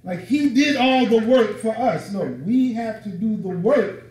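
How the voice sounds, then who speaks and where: Male lecturer, high-pitched, emphatic and conversational, slangy delivery; echoey room, mic at a distance. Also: a little slow, darkish tone. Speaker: religious teacher.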